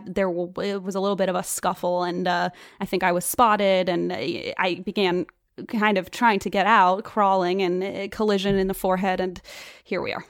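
Brief: woman playing an earnest, rambling dog-ministry lady, halting with fillers, dry studio sound. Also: medium pitch, clean tone, no room sound, natural voice. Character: earnest woman running a church dog daycare. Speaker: guest. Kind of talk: improvised comedy podcast.

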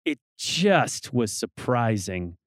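A man's voice: medium pitch, very animated, takes it slowly, no echo, clean studio sound. A man co-hosting a podcast, talking golf bluntly, swearing freely and asking pointed questions. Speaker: podcast co-host. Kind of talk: casual golf chat.

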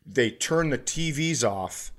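Here a male comedian and podcast co-host relates a story in easygoing chat, often restarting and bursting into sudden excitement. The pitch is medium and the delivery slow.

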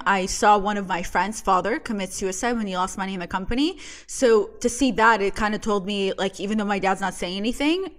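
A woman hosting a podcast, speaking softly and reflectively about personal matters. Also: medium pitch. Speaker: podcast host. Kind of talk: podcast interview.

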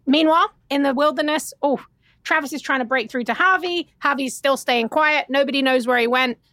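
A woman with a notably high voice recaps a TV drama for a podcast, chatting casually and slipping into quick acted-out quotes from the characters. The sound is dry and close, with no room behind it. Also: no room sound. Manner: animated, acts out quotes, swears freely. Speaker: podcast co-host.

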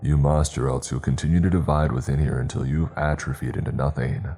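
A man voicing a stern, disembodied entity that gives slow, measured commands in a deep voice. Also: steady tone, mellow, faint music behind. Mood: commanding.

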